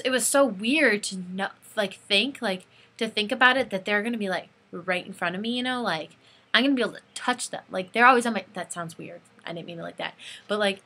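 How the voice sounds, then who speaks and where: A teenage girl telling an excited fan story in a casual vlog, gushing and saying "like" constantly. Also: mid-range voice. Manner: gushing, breathless, says like constantly. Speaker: fan vlogger.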